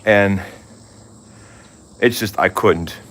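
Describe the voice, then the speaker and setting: A man's voice: fairly low pitch, extremely slow, a bit bright. A middle-aged man vlogging in a casual, candid chat, rambling with lots of fillers. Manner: rambling, candid, full of "you know" fillers.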